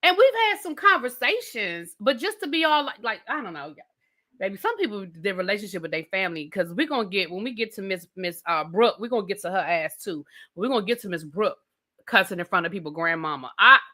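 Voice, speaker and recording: A woman's voice: mid-range voice, animated, fairly quick, sharp tone. A woman, ranting bluntly and casually about a TV show she reviews, swearing freely.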